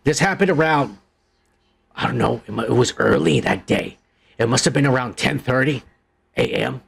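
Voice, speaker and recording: Gravelly, husky man ranting crudely. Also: mid-range voice, expressive, normal speed. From Texas, USA. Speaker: podcast host. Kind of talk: profane comedic commentary.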